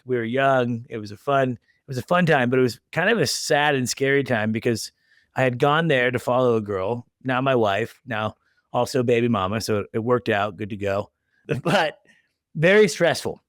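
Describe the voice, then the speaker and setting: A man's voice: mid-range voice, moderate pace, no room sound, clean studio sound. A man in his thirties hosting a podcast, telling stories in a chatty way and acting out the quotes. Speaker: podcast host. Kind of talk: casual interview chat.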